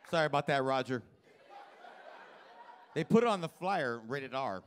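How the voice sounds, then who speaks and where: A man's voice: medium pitch, lively intonation, moderate pace, clear, resonant tone. A male stand-up comedian on a comedy club stage, doing brash, profane, teasing crowd work with the audience.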